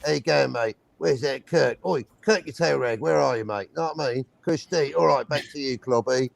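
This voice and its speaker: A man's voice: medium pitch, normal speed, gravelly. A man voicing a male alien officer with a put-on Cockney accent, calling everyone mate and geezer. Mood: jokey.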